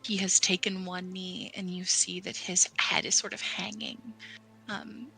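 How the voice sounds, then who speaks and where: Bright-voiced man narrating as dungeon master. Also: sits high, flat delivery, unhurried, creaky, soft background music, poor audio. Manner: hesitant, with many fillers. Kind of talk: narrating a tabletop game.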